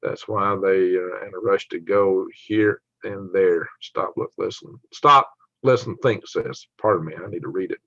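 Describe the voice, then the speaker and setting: A man with a Southern twang hosting a casual livestream, talking quickly, joking and laughing often as he reads viewer comments. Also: sits low, creaky, a bit bright, no room sound. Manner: fast talker, laughs often, jokey. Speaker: livestream host. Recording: dry, dull lo-fi stream audio.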